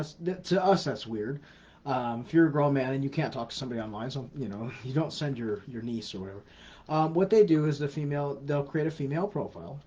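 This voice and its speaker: A man's voice: medium pitch, warm tone. A middle-aged man hosting a casual livestream Q&A, chatty, with frequent restarts and repeated words. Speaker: host of a scam-awareness livestream. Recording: slightly dull lo-fi livestream audio.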